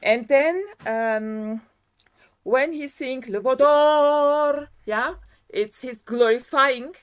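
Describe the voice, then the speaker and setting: Slow-talking French woman judge. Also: on the high side, a bit bright. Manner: hesitant, many fillers, firm. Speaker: audition judge. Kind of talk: critique of a singer. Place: video call.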